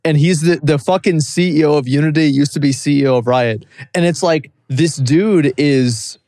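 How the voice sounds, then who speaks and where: A man's voice: fairly high pitch, moderate pace, dark tone, no room sound. A man co-hosting a podcast, talking bluntly and emphatically with plenty of swearing. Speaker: podcast co-host. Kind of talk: casual chat.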